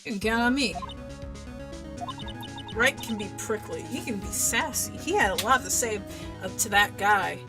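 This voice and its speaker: A woman voicing an earnest, determined young male defense attorney in a video game, reassuring and steady. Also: medium pitch, moderate pace, pauses often, close to an everyday voice. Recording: music playing underneath.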